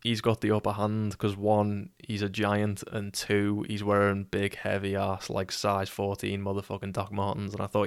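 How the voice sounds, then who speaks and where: A man's voice: on the low side, monotone, moderate pace, smooth, dry recording, studio quality. A young man with a Scouse accent telling a rambling, wry, swear-heavy anecdote. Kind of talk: casual storytelling.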